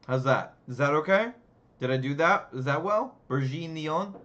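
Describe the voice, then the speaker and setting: A man's voice: fairly high pitch, lively intonation, normal speed, fairly bright tone, lo-fi sound. An English-speaking man casually chatting while streaming a strategy game, self-deprecating and fumbling over French words again and again. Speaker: gameplay streamer. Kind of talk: casual gameplay commentary.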